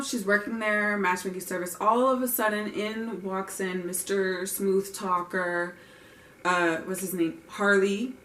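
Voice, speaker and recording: A woman's voice: medium pitch, steady tone, unhurried, a bit bright, a little hiss or hum. Young woman recapping a movie, chatty and opinionated, kinda far from the mic, echoey room. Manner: chatty, opinionated, with wry asides. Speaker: vlogger reviewing a film. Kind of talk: casual film recap and opinion. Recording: roomy, distant mic.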